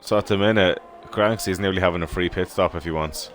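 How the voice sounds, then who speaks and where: An Irish man giving live sim racing commentary in steady, informal play-by-play. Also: sits low, brisk. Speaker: race commentator. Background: background music.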